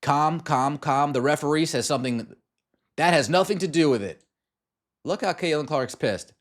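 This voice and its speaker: Over game clips, a sports podcast host vents in exasperated commentary and keeps hurling rhetorical questions. He speaks at a normal speed in a slightly high voice with lively intonation.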